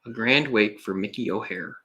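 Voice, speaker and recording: Man, young adult, solo movie commentary, sarcastic, exasperated, bright tense voice. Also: fairly low pitch, moderate pace. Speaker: film commentator.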